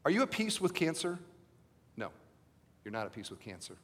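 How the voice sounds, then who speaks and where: A man's voice: a little high, big pitch swings, normal speed, fairly bright tone, husky. A middle-aged male pastor preaching a sermon, emphatic and driving his point home with repeated rhetorical questions. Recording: long hall reverb.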